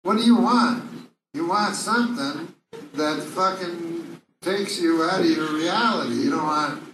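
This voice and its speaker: A man doing stand-up comedy, deadpan and rambling, with hesitant fillers. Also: on the high side, measured pace, a little hiss or hum. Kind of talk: stand-up routine. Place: comedy club. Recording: bootleg club recording from far off, echoey with loud crowd. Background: audience laughter.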